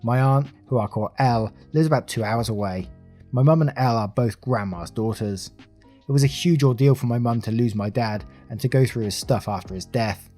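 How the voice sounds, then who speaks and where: A man reading reddit stories aloud in a steady, matter-of-fact way, as the channel's narrator. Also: mid-range voice, a little fast, soft background music.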